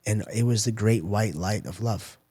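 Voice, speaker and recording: Low husky man in his forties. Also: moderate pace, darkish tone. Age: 40s. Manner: candid, profane, storytelling with quoted asides. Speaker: guest, former fighter turned coach. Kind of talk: candid interview talk.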